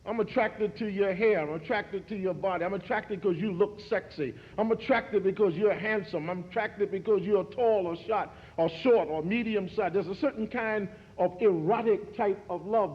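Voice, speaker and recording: Preaching man in an echoey hall. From New York. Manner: rhythmic preaching cadence, repeats words and builds in pitch. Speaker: speaker at a commemoration. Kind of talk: preacherly speech. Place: large hall. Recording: echoey hall, dull archival recording.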